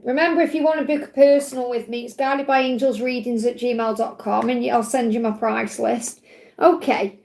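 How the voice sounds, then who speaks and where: A woman with a high, gravelly voice gives tarot readings on a live stream. She talks in a chatty, reassuring way and keeps checking in with her listeners. The sound is echoey, as if she were recorded in a bare room. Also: a little mellow. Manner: chatty, reassuring, often adds "okay?". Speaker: tarot reader hosting a live Q&A.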